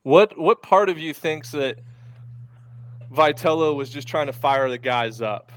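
A man's voice: fairly high pitch, measured pace, fairly bright tone, slight background noise. A man co-hosting a casual sports podcast, easygoing and jokey, asking his partners questions. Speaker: podcast co-host.

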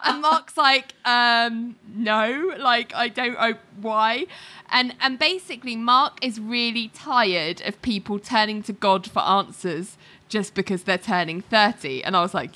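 A woman's voice: mid-range voice, lively intonation, unhurried, sharp tone. A woman co-hosting a casual chat, retelling a story and acting out the characters' lines with lots of fillers. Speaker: podcast co-host recapping a TV show.

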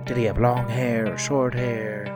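Brief: player, man, mid-pitched, earnest questioner, clear guitar music behind. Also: flat delivery, measured pace. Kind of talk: playing a tabletop game.

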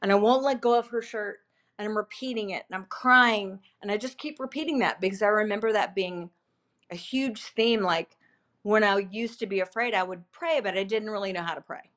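A woman in her fifties, a podcast guest, giving an emotional personal testimony in a halting, repetitive, earnest way with many fillers. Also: medium pitch, fairly bright tone.

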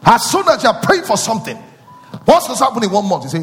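Male preacher, sermon, lively swooping pitch, long echoing hall. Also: fast talker. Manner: swings from quiet teaching to sung, shouted climaxes; repeats phrases and asks the crowd questions.

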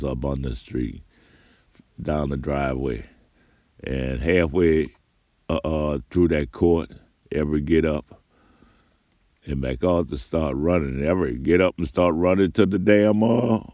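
A man's voice: rumbling low, a little mellow, no room sound, clean studio sound. An older man telling a rambling, profane story from his own life in a casual spoken way. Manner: rambling, profane, laughs between phrases.

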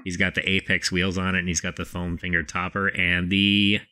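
Male co-host, Texan accent, deep but bright voice, enthusiastic casual chat. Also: little pitch movement, moderate pace. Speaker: podcast co-host.

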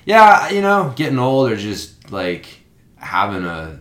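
Swearing man with a bright voice. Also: mid-range voice, huge pitch swings, takes it slowly. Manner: profane, acts out quoted exchanges. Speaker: father of young kids. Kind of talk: casual chat. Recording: roomy echo.

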